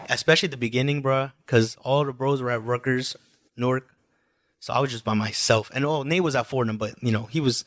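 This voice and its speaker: Young male podcast guest, rapid slangy storyteller with a dry, close sound. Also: mid-range voice, a bit bright, no echo. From United States, New Jersey. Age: 20s. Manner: slangy, rambling, full of filler phrases. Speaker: guest musician.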